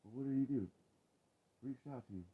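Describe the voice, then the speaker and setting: A man's voice: medium pitch, brisk, slightly rough. A man ranting angrily and rambling, with heavy profanity, in a video blog. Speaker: video blogger. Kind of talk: angry ranting monologue. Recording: tinny phone-like audio with faint noise.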